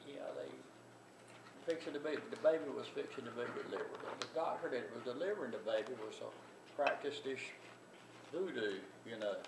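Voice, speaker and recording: A man's voice: mid-range voice, lively intonation, fairly quick, vocal fry. An older man telling a family story in a rambling, folksy way with many restarts. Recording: distant echoey recording with loud background noise.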